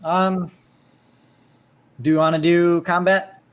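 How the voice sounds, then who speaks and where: A man running a tabletop game as game master, narrating casually in a halting way with many filler words. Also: high voice, level tone, clean tone.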